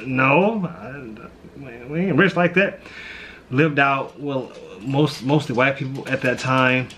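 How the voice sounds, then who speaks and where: A man's voice: mid-range voice, unhurried, fairly bright tone, slight background noise. A man who grew up in St. Louis, a pastor and vlog host, talking heartfelt and reflective in a casual chat, often saying "man" and "you know".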